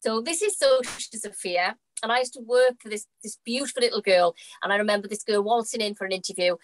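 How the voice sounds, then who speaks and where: An English woman guest telling an animated anecdote in a casual chat. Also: on the high side, quick pace, poor audio. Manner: animated, tells anecdotes with quoted dialogue. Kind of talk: casual storytelling.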